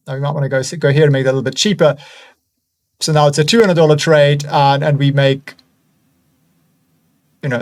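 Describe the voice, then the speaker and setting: Male stock-channel host with a German accent, high-ish voice, excitable and chatty, squeaky bursts on the exciting bits, whispered asides. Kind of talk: screen-share stock analysis.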